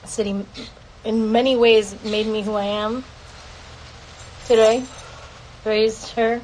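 A woman's voice: a little high, flat delivery, slow pace, darkish tone, slight background noise, low-quality recording. A woman singer casually answering fan questions on a livestream from home, playful and swearing freely. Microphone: phone.

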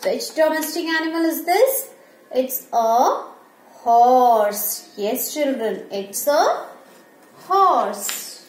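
A woman's voice: sits high, animated, extremely slow. A woman teacher going over animals with young children, asking questions, answering them herself and imitating animal sounds. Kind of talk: slow classroom revision for young children. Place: school classroom. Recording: echoey room with faint ambient noise.

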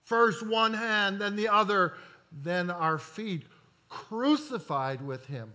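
Man, pastor, sermon, high voice, slow deliberate delivery, emphatic pauses. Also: animated, pushed and bright. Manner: deliberate preaching with emphatic pauses and slowed key words; corrects himself mid-sentence.

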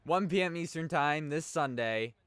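A young man casually commentating on his own hockey video game as he plays, chatting and reacting loudly to plays. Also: fairly high pitch, expressive, moderate pace, clear, resonant tone, no room sound. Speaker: gaming YouTuber. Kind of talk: casual let's play commentary.

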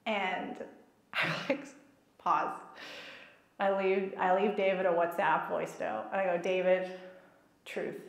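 Lively woman telling stories in an echoey hall. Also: fairly low pitch, slow pace, gravelly, pauses often. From child of Egyptian parents, raised in America. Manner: lively and self-mocking, laughs often. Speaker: speaker at a faith gathering. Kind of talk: personal storytelling talk.

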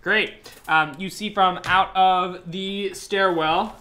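A man's voice: high voice, fairly even intonation, takes it slowly, bright, forceful tone. A man narrating as game master of a tabletop game, in casual, filler-heavy narration.

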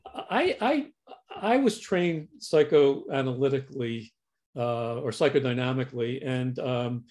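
A man hosting an interview with a fellow psychotherapist, speaking haltingly and searching for words over a video call. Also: medium pitch, expressive, darkish tone. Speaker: host and psychotherapist. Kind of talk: conversational interview.

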